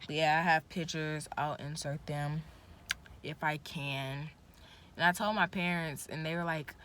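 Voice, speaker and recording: A young woman vlogger tells a casual story, animated and indignant, full of "like". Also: low voice, unhurried. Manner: animated, indignant retelling with lots of "like".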